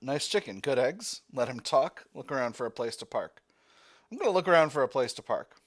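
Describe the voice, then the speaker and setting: A man's voice: mid-range voice, animated, fairly quick. A man reading a text adventure game aloud as its player, breaking off into rambling, self-correcting asides.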